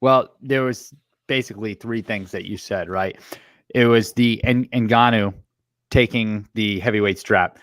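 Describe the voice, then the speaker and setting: A man's voice: fairly low pitch, steady tone, measured pace, a bit bright, no echo, clean studio sound. A man co-hosting a podcast in chatty casual conversation. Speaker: podcast co-host. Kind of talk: casual chat.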